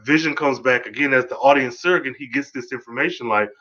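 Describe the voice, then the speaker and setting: A man hosting a podcast, giving a casual, rambling solo review of a TV episode, excitable and swearing freely. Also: mid-range voice, quick pace, muffled recording.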